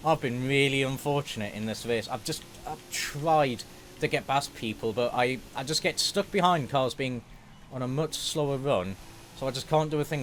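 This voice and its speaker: A young man giving excitable, fast-moving play-by-play of his own racing game, swearing when things go wrong. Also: medium pitch, slight background noise. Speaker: gaming YouTuber. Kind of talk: live racing game commentary.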